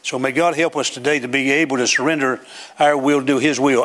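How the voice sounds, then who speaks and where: A man's voice: mid-range voice, fairly even intonation, fairly quick. An older man preaching a sermon in a church, building to emphatic, declaiming runs. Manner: emphatic, rising to loud preaching cadence. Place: church sanctuary with platform.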